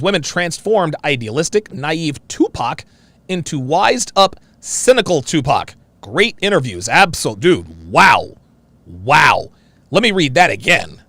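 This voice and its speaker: A man hosting a live stream and reading viewer messages aloud, with a distinctive voice that swings from very high to very low. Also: gravelly, a bit bright, no echo.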